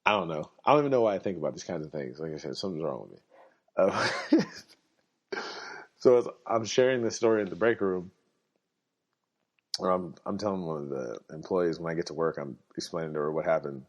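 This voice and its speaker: Deep-voiced profane man, dull recording. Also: fairly quick, long pauses. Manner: profane, rambling, laughs often. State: under the weather, coughing. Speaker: podcast host. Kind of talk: casual storytelling monologue.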